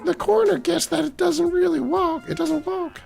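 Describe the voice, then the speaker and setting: A man voicing a sarcastic police officer in a noir-style detective game, with snarky, deadpan put-downs. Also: very high-pitched, normal speed, gravelly, pitched above the performer's own voice, heavily acted.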